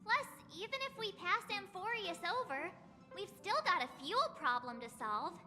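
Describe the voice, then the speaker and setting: A woman's voice: very high voice, lively intonation, normal speed, heavily acted. A woman voicing a cheerful, chatty young female crew member in a game. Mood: upbeat. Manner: bright, chatty, upbeat. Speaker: game character. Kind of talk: game voice acting. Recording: reverby game audio with music.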